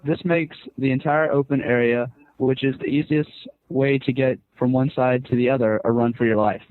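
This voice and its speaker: A man with a mid-range voice reads a listener's email aloud in a steady, plain way. He sounds thin and boxy, as if over a phone line, with no room echo. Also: mid-range voice, moderate pace. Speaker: guest co-host.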